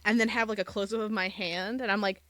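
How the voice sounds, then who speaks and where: A woman's voice: mid-range voice, fairly even intonation, quick pace, fairly bright tone, no echo. A woman co-hosting a podcast in casual chat, giggly and playful. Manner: giggly, playful, breaks into silly voices and singing. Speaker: podcast co-host.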